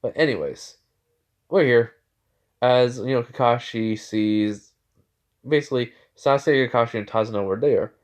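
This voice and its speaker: A man telling a fan story off the cuff, at a middling pitch. He rambles and pads his sentences with fillers and restarts. It sounds unscripted and casual. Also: moderate pace, pauses often.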